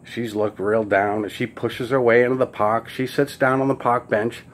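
A man with a New York accent telling jokes and stories in a casual monologue, jumping into high squeaky voices for the characters. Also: fairly even intonation, moderate pace.

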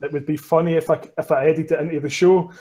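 A Scottish man with a fairly high voice chats casually as a podcast guest. He swears freely, mocks himself and laughs often as he tells his stories. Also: steady tone, fast talker, warm tone, poor audio. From Scotland. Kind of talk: casual chat.

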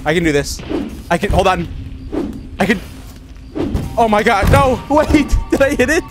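A man with a high, very lively voice narrates his VR play, excitable and self-mocking, quick to exclaim at his own misses. Loud game music plays under his commentary. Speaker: gaming YouTuber. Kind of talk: casual let's-play commentary.

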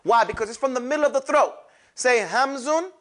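A man's voice: extremely high pitch, brisk, a bit bright. A man teaching a classroom lesson on pronouncing letters for Quran recitation, animatedly drilling his class to repeat sounds aloud.

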